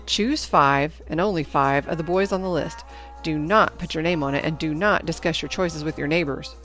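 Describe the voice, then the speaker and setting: A woman voicing a stern female junior high teacher who gives brisk, commanding instructions to her class in a storybook reading. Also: fairly bright tone, soft background music.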